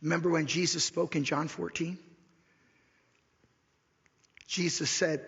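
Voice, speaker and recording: Husky, gravelly-voiced pastor preaching. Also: male voice, on the high side, flat delivery, fairly bright tone. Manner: repeats key lines slowly for emphasis, drops to a whisper. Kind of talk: sermon. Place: church sanctuary. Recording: dull lo-fi recording in a reverberant church hall.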